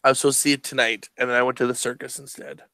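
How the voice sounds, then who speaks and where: A man co-hosting a casual live gaming show, telling stories and cracking deadpan jokes. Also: mid-range voice, rapid-fire, no echo, studio quality. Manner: deadpan joking storyteller. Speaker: podcast co-host.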